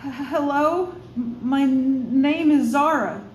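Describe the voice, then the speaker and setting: A woman voicing a timid little frog-footed creature girl who stammers in a higher pitched voice. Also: animated, slow, a little mellow. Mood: nervous. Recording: roomy room, faint noise.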